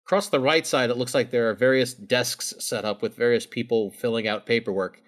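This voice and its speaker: A man narrating a tabletop role-playing game as game master, describing scenes in a relaxed, casual way. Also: mid-range voice, fairly quick.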